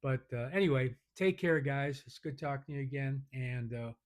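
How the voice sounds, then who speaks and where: A man's voice: medium pitch, normal speed. A man vlogging to his viewers in a rambling, casual chat full of fillers and restarts.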